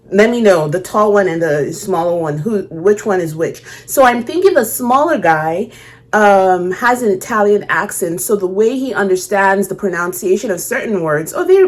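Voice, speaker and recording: A woman hosting a reaction video, chatting casually and thinking aloud with frequent restarts. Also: medium pitch.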